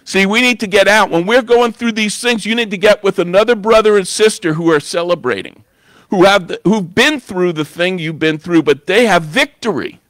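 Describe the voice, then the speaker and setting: A man's voice: high-pitched, normal speed, fairly bright tone, no room sound. A man preaching a sermon in church, talking in a conversational way and often asking "you know?". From New York. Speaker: guest preacher.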